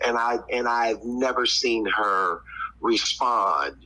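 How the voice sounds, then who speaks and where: A man, a podcast guest, telling a lively story in casual chat and laughing often. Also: takes it slowly, poor audio. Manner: animated, laughs often, breaks into high squeals.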